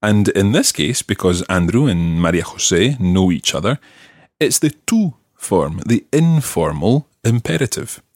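Lively-voiced man teaching a language. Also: lowish voice, unhurried, no room sound, studio quality. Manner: clear, patient explaining with lively intonation. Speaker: language teacher and podcast host. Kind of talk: language lesson explanation.

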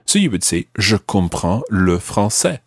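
Husky-voiced male language teacher. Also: on the low side, big pitch swings, no room sound. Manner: patient, prompts the learner, slows down for example phrases. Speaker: language teacher and podcast host. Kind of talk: podcast language lesson.

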